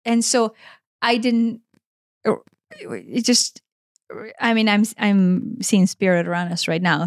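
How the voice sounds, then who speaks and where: A woman's voice: on the low side, fairly even intonation, a little slow, dry recording, clean studio sound. A woman in her forties co-hosting a podcast, talking in an earnest, emotional way and swearing freely. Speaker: podcast co-host. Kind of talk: casual conversation.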